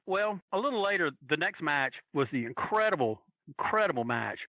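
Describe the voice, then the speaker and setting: A man on a podcast telling a long, animated, profane story with plenty of restarts. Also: a little high, a little fast, no room sound, rough recording. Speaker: podcast guest telling a wrestling fan story. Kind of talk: casual storytelling.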